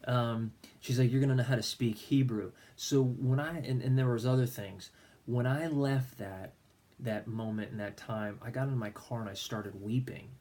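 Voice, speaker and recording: A man's voice: mid-range voice, fairly even intonation, a little slow, a little mellow. A middle-aged man, a minister, earnestly telling a personal faith story and acting out his own prayers. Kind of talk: personal faith testimony vlog.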